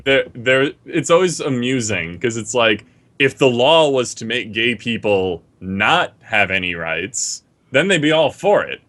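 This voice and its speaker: A man's voice: medium pitch, animated, measured pace, fairly bright tone. A man co-hosting a casual political podcast, sarcastic and dismissive. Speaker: podcast co-host.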